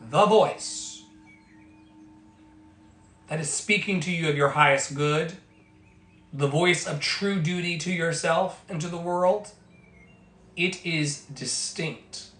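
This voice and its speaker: A man life coach delivers an emphatic motivational talk, repeating phrases like a preacher. His voice sits a little high. The sound rings in an echoey room over faint music. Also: takes it slowly, long pauses, fairly bright tone.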